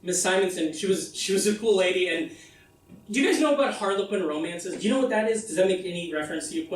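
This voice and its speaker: An American man telling a profane comic story live on stage, breaking into shouted bits. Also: high voice, lively intonation, quick pace. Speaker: comedian. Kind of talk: comedic one-man stage show. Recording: echoey live room, mic far off.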